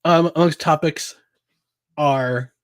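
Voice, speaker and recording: Guy hosting a sports podcast live, kinda high voice, rambly with lots of uhs, dry close mic. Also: fairly even intonation, slow, no echo. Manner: chatty, with fillers and repeated words. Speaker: podcast host. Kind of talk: casual live sports talk show.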